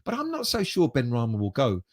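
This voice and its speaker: A man's voice: mid-range voice, wildly swooping pitch, brisk. A man hosting a fan livestream, reading viewer comments aloud and chatting casually, with the odd bit of swearing. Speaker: fan channel host reading live chat.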